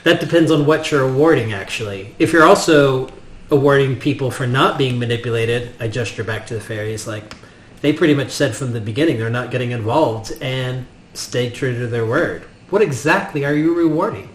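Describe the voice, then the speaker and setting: A man's voice: mid-range voice, a little fast. A man casually playing a tabletop game, thinking aloud as he speaks. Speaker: player. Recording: roomy room with faint noise.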